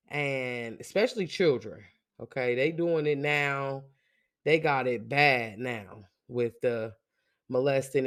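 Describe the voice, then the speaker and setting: Slow-talking, chatty podcast host. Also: mid-range voice. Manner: chatty and emphatic, checks in with listeners by repeating "okay?"; excited shout-outs to listeners. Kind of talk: casual solo podcast monologue.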